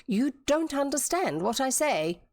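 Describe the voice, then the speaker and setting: A woman voicing a male cuckoo bird who talks solemnly and in a measured, businesslike way in a storybook reading. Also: high voice, big pitch swings, darkish tone, dry recording, studio quality, pitched above the performer's own voice, full character voice.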